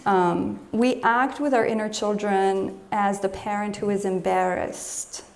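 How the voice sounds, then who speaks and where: A woman's voice: mid-range voice, fairly even intonation, unhurried, gravelly. Woman coach lecturing conversationally to an audience. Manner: conversational, poses questions to the audience; acts out scolding voices in quotes. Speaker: emotional health coach.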